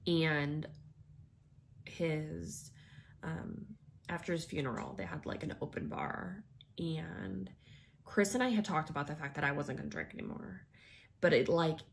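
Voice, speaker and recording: Low, gravelly woman rambling through a story. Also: a little slow, pauses often, a little hiss or hum. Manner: rambling, heavy use of filler words. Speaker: vlogger. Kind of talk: personal storytelling.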